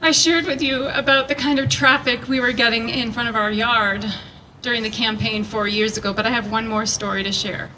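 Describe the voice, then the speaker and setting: A woman reading a prepared speech at a rally, earnest and measured, picked up from a distance outdoors. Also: fairly high pitch, fairly even intonation. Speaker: rally speaker. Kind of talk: prepared speech read aloud. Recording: distant mic with background noise.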